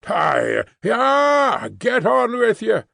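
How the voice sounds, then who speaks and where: A man voicing a gruff, vexed coachman who curses and urges his horses on. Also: a little high, expressive, normal speed, no echo, clean studio sound, heavily acted. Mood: vexed, urging. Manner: loud, cursing, urging horses on.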